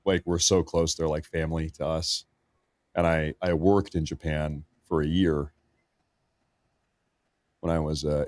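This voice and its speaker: A man's voice: low-pitched, darkish tone, dry recording. An American man hosting a livestream, giving casual news commentary in a blunt, crude, joking way. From United States. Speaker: livestream host.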